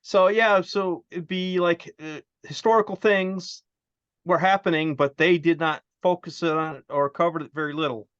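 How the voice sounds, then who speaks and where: A man chatting casually as co-host, telling stories in a rambling, animated way with many restarts. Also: fairly high pitch, moderate pace, clean tone, dry recording, highs cut off. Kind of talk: casual chat.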